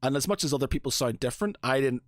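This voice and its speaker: A man's voice: medium pitch, racing, dry recording, clean studio sound. A man in his thirties from Northern Ireland with a Northern Irish accent, co-hosting a podcast and telling stories in a rambling, chatty way full of fillers. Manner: rambling storyteller, lots of fillers and animated asides. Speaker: podcast co-host. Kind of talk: casual chat.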